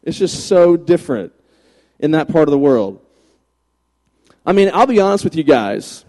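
A man in his forties from Virginia, a pastor telling funny stories in a chatty, animated sermon. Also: fairly high pitch, normal speed. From Virginia, USA. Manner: chatty, joking, animated anecdotes. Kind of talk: humorous sermon storytelling. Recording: long reverb of a large hall.

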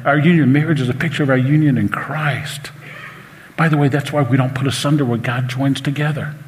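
A man's voice: medium pitch, a little hiss or hum. A man, preaching a sermon in a church and telling personal stories with earnest, emotional restarts. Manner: earnest storytelling, emotional, some stammered restarts. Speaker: pastor. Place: church sanctuary. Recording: live sermon with long hall reverb.

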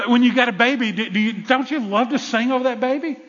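An older man preaching a sermon to a congregation, lively and conversational, dropping to a soft whisper for tender lines. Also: very high-pitched, fast. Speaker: pastor. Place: church sanctuary. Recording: muffled sound with long reverb in a large hall.

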